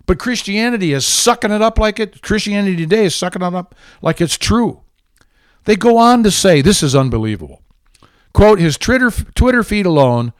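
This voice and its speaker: A man's voice: high voice, sing-song, normal speed, no echo. A man hosting a political talk show, ranting with heated, indignant sarcasm. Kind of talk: angry political commentary.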